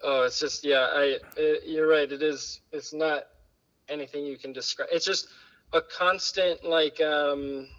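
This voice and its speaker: A man's voice: fairly high pitch, fairly even intonation, measured pace, fairly bright tone, lo-fi sound. A man chatting candidly as a podcast guest, rambling and full of fillers. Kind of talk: casual chat.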